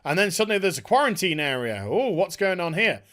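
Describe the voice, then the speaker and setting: Bright-voiced sarcastic man ranting. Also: high-pitched, sing-song, a little fast. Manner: sarcastic, exasperated, swearing. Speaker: TV episode reviewer. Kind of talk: ranting review vlog.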